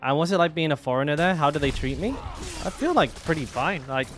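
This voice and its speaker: A man's voice: a little high, fast, a bit bright, faint music behind. A young man chatting casually while streaming a game, rambling with lots of fillers and restarts. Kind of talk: casual live-stream chat.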